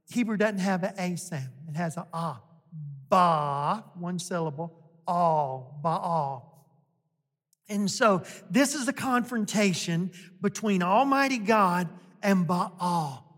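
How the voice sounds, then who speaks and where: A pastor delivers a sermon slowly and deliberately in a medium-pitched voice with lively intonation. Emphatic and folksy, he repeats points to hammer them home and often asks "right?" A long reverb makes it sound as though he is filling a big church sanctuary.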